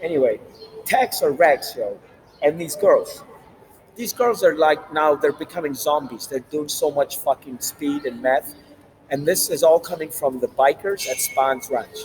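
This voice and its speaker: A man delivering a rambling, profane, animated monologue as the host of his own channel. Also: a little high, measured pace, slight background noise, low-quality recording. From Latin America.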